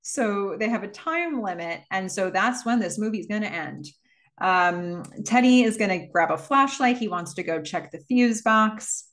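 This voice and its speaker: A woman's voice: medium pitch, lively intonation, normal speed, a bit bright. A woman hosting a casual movie recap and telling the plot in a chatty way, with many fillers. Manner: chatty, filler-heavy storytelling.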